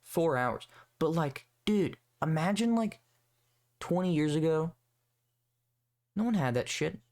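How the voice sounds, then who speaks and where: A man's voice: on the high side, expressive, slow, darkish tone. A young man hosting a solo podcast, rambling and swearing in a sarcastic, casual rant. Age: young adult. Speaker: podcast host.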